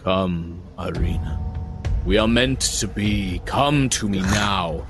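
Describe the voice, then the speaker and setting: A man voicing a menacing male vampire who speaks in a slow, low, coaxing way. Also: music in the background. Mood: luring. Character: seductive menacing male vampire calling a woman.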